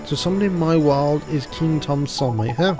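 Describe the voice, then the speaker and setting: A man's voice: a little high, a little fast, music in the background, lightly acted. A man reading the lines of an earnest, curious young boy hero, asking one question after another.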